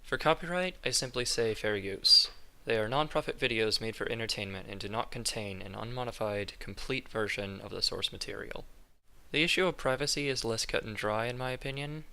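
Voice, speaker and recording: A young man reading a scripted class presentation in a flat, monotone way. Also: on the low side, fairly quick, gravelly, clean tone. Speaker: student presenter. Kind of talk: scripted narration.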